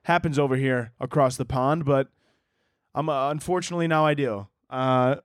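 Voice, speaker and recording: A man's voice: medium pitch, normal speed, no room sound, clean studio sound. A man hosting a solo comedy podcast, rambling crudely and joking with frequent restarts. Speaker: podcast host.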